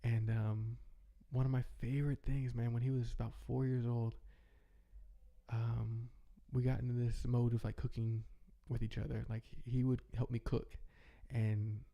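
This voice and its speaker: A man's voice: mid-range voice, flat delivery, measured pace, creaky, muffled recording. A young man talking in a rambling, heartfelt way, chatting casually as a podcast host. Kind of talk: casual reflective chat.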